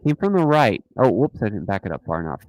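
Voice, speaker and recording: Animated mocking man, dry sound. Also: lowish voice, fast talker, dry recording, rough recording. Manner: animated, mocking, repeats himself. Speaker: host of a dashcam channel live stream. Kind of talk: casual live-stream chat.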